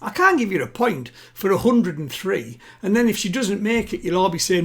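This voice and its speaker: A man hosting a live-streamed home quiz, chatting with players and reading each question twice, slowly. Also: high-pitched, big pitch swings, slightly rough. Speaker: quiz host. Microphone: home streaming setup.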